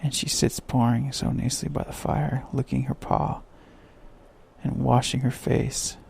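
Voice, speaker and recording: A man voicing Alice, a polite and eager young girl, in a gentle, soothing tone. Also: medium pitch, flat delivery, a little slow, vocal fry, husky, full character voice.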